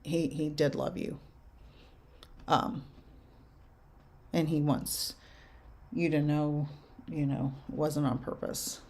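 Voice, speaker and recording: A young adult woman medium giving spirit messages to viewers in a casual live chat, halting and soft-spoken. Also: low voice, level tone. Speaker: medium answering viewer questions.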